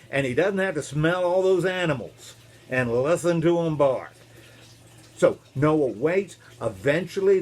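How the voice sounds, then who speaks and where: Man, minister, kids' storytelling, very lively intonation, slightly high voice, playful. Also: breathy edge. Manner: animated, playful, asks kids questions, makes animal noises. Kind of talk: storytelling for children.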